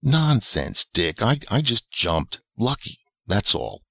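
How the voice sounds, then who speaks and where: Small wary stammering man with secret powers, a bit higher, husky, as a storyteller puts him on. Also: very animated, takes it slowly, no echo, clean studio sound, exaggerated voice. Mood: defensive. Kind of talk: audiobook character voice.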